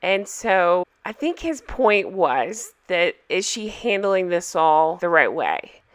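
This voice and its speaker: A woman recapping a reality show in a casual, opinionated way, hoarse from a cold and asking viewers for their thoughts. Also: fairly low pitch, big pitch swings, slow pace. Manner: chatty, opinionated, asks viewers for comments.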